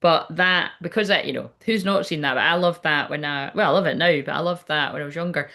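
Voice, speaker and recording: A woman's voice: low-pitched, fast, bright, forceful tone. A woman giving a casual livestreamed card reading, chatty and rambling, swearing freely. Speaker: tarot card reader.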